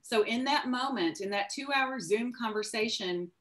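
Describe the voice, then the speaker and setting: A woman novelist, a guest on a video call, telling stories in a casual, animated way with many restarts. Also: on the high side, normal speed, slight background noise. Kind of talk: casual conversational interview.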